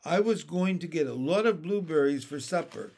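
A man reading the part of a kind, capable older sister, a girl who speaks gently and motherly. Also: on the high side, lively intonation, normal speed, creaky, slight background noise. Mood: gentle.

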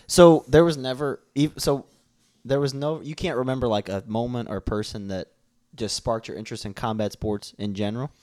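A man's voice: mid-range voice, steady tone, moderate pace, darkish tone. A man co-hosting a podcast, chatty and joking, often restarting his sentences. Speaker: podcast co-host. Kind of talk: casual chat.

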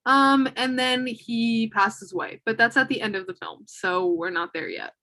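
A woman's voice: a little high, moderate pace. A young woman co-hosting a podcast, talking casually and with strong opinions, full of fillers. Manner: animated, opinionated, filler-heavy. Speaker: podcast co-host. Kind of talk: casual chat.

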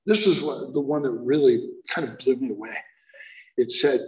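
A man telling his recovery story slowly and haltingly, with many fillers and wry self-deprecating humor. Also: fairly high pitch. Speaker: speaker sharing recovery story. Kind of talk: personal testimony at a recovery meeting. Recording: roomy, echoey recording.

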